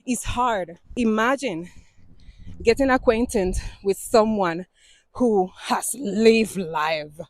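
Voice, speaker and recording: A woman's voice: medium pitch, slow, dry recording. Cuban woman, 40s, walking vlog, slightly out of breath, chatty and laughing, dry close sound, outdoor trail. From Cuba. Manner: chatty, laughs often, non-native phrasing. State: out of breath from climbing. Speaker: vlogger.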